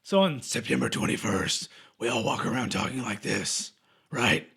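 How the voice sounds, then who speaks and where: A man putting on a deep growling Batman voice during a podcast chat. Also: moderate pace, vocal fry, a bit bright, slightly rough, heavily acted. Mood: mock-gruff. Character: gravelly Batman voice, grown man.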